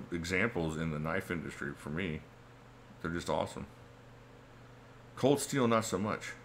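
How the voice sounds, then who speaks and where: A middle-aged man runs a relaxed livestream, reading out chat comments and laughing a lot in an easygoing, talkative manner. His voice sits low with a slightly bright edge, and there's faint background noise.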